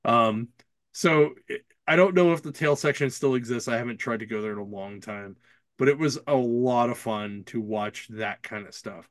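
A man's voice: medium pitch, normal speed, no echo. A man co-hosting a podcast, telling a rambling story in casual chat and acting out the people he quotes. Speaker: podcast co-host.

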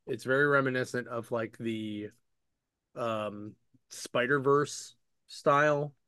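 A man's voice: mid-range voice, steady tone, slow pace, sharp tone, clean tone, no echo, clean studio sound. A man hosting a casual chat, rambling with many fillers and restarts as he retells story scenes in his own voice. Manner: paraphrases characters' lines in his own voice. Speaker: podcast host reviewing comic books.

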